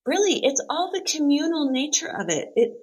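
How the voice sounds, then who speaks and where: A woman's voice: sits high, very animated, fairly quick, low-quality recording. A middle-aged woman, a podcast guest, telling a heartfelt personal story in an earnest, open way that livens up as she retells it.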